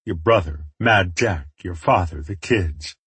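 This is a gruff, gravelly grown man from an audiobook, a hard drinker with a blunt, teasing way of talking, as a man reads him aloud. The voice sits low and rough, and the recording is dry and close. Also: unhurried, fairly bright tone, no echo, heavily acted. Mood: wistful.

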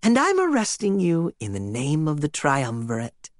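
A man's voice: on the high side, huge pitch swings, normal speed, dry recording, clean studio sound. A man voicing a monstrous female creature who poses as a polite matron, with a sugary, condescending way of talking. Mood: sweetly menacing.

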